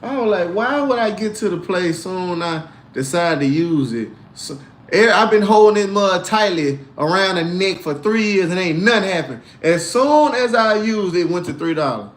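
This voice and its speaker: A man hosting a casual crypto livestream, animated and slangy, mixing faith talk with tips and reading out comments. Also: normal speed, roomy sound. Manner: animated, swinging from low grumbles to loud outbursts.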